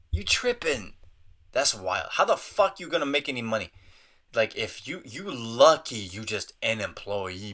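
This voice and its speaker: A young man hosting a podcast, ranting in a profane, animated, comedic way and slipping into mocking voices. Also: fairly low pitch. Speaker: podcast host. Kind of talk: casual comedic rant.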